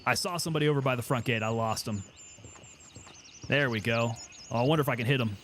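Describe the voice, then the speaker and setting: A man's voice: mid-range voice, fast talker, a bit bright, a little hiss or hum. Joking man streaming a shooter game. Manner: chatty, joking, self-amused. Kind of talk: casual gameplay commentary.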